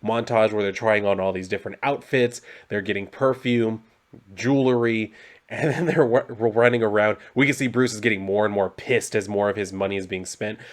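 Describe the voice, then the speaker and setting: A man's voice: on the low side, fairly even intonation, moderate pace. A man casually recapping a comic book story, rambling loosely with lots of fillers and some mild swearing.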